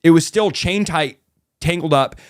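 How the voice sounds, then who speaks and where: Male, 30s, guest recounting his testimony. Casual, animated delivery, fairly high voice, dry close mic. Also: moderate pace, clear, resonant tone, dry recording. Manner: casual, animated, says "dude" and "like" often. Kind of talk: emotional storytelling in conversation.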